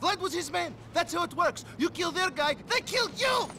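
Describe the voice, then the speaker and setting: An actor playing a panicky, paranoid cousin, talking in a frantic, whiny way. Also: male voice, extremely high pitch, animated, normal speed, vocal fry, heavy background noise, full character voice. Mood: panicked. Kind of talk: video game cutscene acting.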